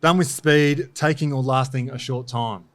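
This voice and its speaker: A man hosting a podcast segment, firing off questions in a brisk, upbeat way. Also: mid-range voice, fairly even intonation, fairly bright tone. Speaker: podcast host. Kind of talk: quick-fire quiz hosting.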